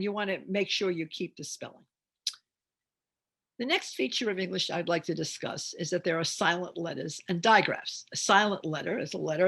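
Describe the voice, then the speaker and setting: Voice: mid-range voice, creaky, husky. A reading teacher giving an instructional talk on phonics, explaining step by step with chatty asides.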